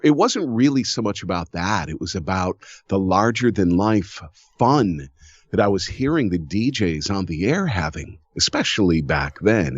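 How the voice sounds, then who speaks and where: Animated deep-voiced man, lively storyteller. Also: dry recording, muffled recording. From Cleveland, Ohio. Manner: animated storyteller, laughs often. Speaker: voiceover artist guest. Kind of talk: casual interview chat.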